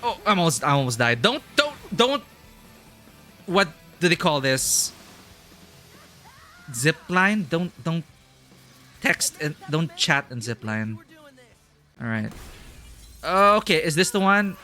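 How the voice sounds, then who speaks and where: A man talks through a video game on a live stream, rambling from one thought to the next and breaking into laughter often. His voice is bright, and game music plays softly behind him. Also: on the high side, sing-song, slow pace, pauses often. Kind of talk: casual live gameplay commentary.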